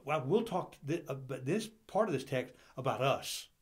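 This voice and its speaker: A church Bible study co-host discusses scripture fervently, his medium-pitched voice expressive at a moderate pace. He builds into impassioned preaching with repeated rhetorical questions.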